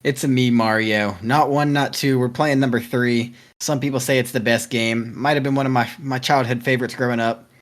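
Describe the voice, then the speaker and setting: A man's voice: medium pitch, little pitch movement, fairly quick. A man co-hosting a video game podcast, joking and hyping things up playfully. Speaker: podcast co-host. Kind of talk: casual chat.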